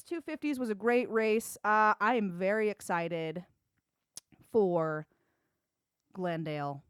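A woman's voice: medium pitch, no echo. Woman, young adult, solo podcast host, opinionated, casual swearing, resonant voice, dry room.

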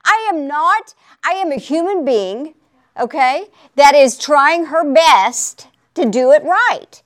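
Woman, high voice, chatty preacher, laughs often, asks for amens. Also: lively intonation, slow. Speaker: faith talk show speaker. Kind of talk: conversational preaching.

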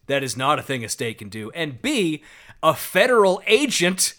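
A man's voice: a little high, very animated, normal speed, sharp tone. A man hosting a podcast, riffing on clips with sarcastic, profane commentary. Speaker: podcast host. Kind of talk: casual political commentary chat.

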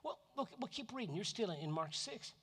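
High, animated preacher in an echoing hall. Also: male voice, fairly quick, breathy edge. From Florida. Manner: animated, repeats words, acts out quotes. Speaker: pastor. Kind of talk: sermon. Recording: long reverb of a hall.

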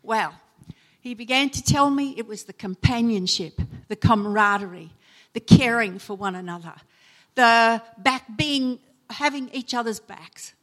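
A woman's voice: on the high side, a little slow. Woman preaching with vivid storytelling. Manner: storytelling, acts out quoted voices with sudden loud emotional lifts. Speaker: preacher and chaplain. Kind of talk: sermon with personal stories.

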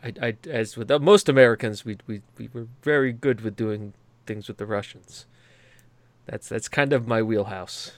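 A man's voice: fairly low pitch, moderate pace, dry recording. A man with a New England accent hosting a podcast in a rambling, profane casual chat with many stammered restarts. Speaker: podcast host.

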